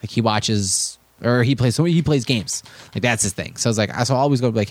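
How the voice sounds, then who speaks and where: Animated stammering young man, dry close sound. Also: quick pace, dry recording. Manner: animated storyteller, jumps into high excited voices when quoting people; stammers and restarts often. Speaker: podcast co-host. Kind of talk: casual chat.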